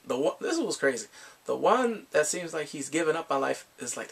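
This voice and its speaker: A man with a gravelly, husky voice recaps a film in a loose, animated way, slipping into little character voices as he goes. He sits a bit back from the mic, so he sounds slightly distant. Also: fairly high pitch, moderate pace. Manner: animated retelling, quoting characters in put-on voices. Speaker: movie reviewer. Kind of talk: casual spoken movie review.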